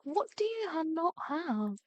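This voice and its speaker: A woman's voice: very high voice, sing-song, measured pace, no room sound. A young woman streaming a game live, chatty and exasperated, swearing at the game. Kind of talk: live gameplay commentary.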